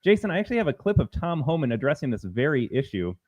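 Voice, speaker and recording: A man's voice: a little high, very animated, fast, a little mellow. A co-host of a political commentary show, a man arguing his points emphatically. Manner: emphatic, argumentative.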